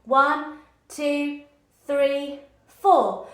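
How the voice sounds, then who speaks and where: A woman's voice: high voice, sing-song, measured pace, fairly bright tone, echoey room. A woman teaching a children's music lesson, encouraging and chanting rhythms for the class to clap along to. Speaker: primary school music teacher. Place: room with a screen behind her.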